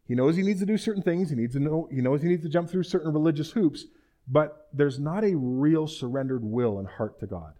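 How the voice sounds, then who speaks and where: Chatty preacher retelling scripture. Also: male voice, a little high, expressive, a little fast, warm tone. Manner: chatty, asks listeners rhetorical questions. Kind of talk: conversational sermon retelling scripture.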